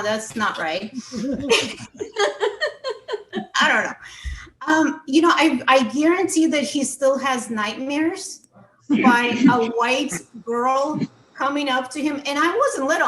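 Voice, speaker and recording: A woman in her forties from Russia, an author telling comedic stories on a video call, animated and laughing often. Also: sits high. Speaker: author and comedy show guest. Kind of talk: comedic storytelling. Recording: echoey room with faint noise.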